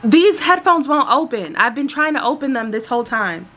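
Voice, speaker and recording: A rude airline passenger barks orders at the crew in a shrill, piercing shriek, pitched far above an everyday voice, as a woman mimics her while retelling the story. She sounds loud, bossy and impatient. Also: very animated, moderate pace, slight background noise, heavily acted. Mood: complaining.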